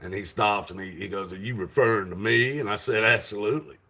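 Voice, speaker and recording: A man loudly retelling a story to his channel viewers, rambling with many fillers and restarts. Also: fairly low pitch, fast talker. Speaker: vlogger. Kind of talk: casual storytelling to camera.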